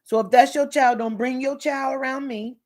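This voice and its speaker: A woman with a high-pitched, slightly mellow voice speaks at normal speed in a steady tone while hosting a livestream. She chats live with viewers, lecturing them sternly and emphatically with heavy swearing, repeating warnings, and answering commenters by name.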